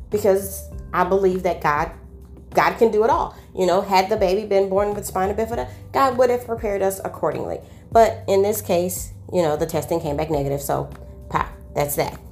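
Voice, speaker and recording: A woman with a mid-range voice shares her personal faith testimony in an animated, preachy way, filling it with amens and call-outs to her listeners.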